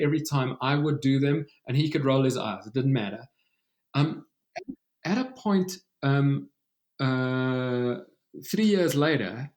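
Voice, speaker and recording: Soft-spoken calm man telling stories. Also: medium pitch. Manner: soft, slow and soothing, with many fillers. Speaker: author and guest. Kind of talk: calm conversational interview.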